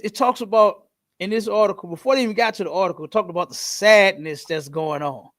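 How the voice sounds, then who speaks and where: A man teaching a class in a loose, casual way, telling stories and swearing freely. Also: high-pitched. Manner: loose, profane, storytelling.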